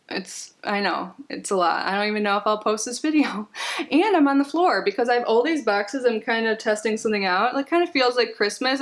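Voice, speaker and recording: Chatty, giggly woman vlogger. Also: fairly high pitch. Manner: chatty, giggly, rambling with many "like"s. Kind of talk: casual unboxing chat. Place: home, sitting on the floor.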